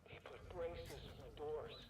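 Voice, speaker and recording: A man's voice: fairly high pitch, measured pace, natural voice. An actor playing a frightened, angry man on a space station, lodging an agitated, swearing complaint. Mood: scared, angry. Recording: echoey, distant game audio with loud noise.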